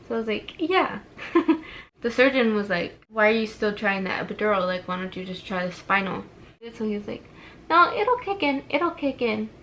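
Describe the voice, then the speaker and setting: A young woman talks through a personal story while getting ready on camera, her voice bright and a touch high. She acts out what everyone said, breaking into laughs and gasps along the way. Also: slight background noise. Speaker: vlogger. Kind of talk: casual storytelling while doing makeup.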